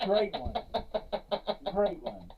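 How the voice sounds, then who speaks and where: A man's voice: high-pitched, sing-song, drawn-out words, vocal fry, dull audio. A man co-hosting a podcast, joking and laughing often in casual chat. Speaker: podcast co-host. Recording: distant mic, faint ambient noise.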